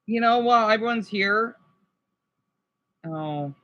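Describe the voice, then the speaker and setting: A man on a casual livestream, talking to his chat in a halting, rambling, sympathetic way with many restarts. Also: high-pitched, lively intonation, muffled recording. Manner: sympathetic and emotional.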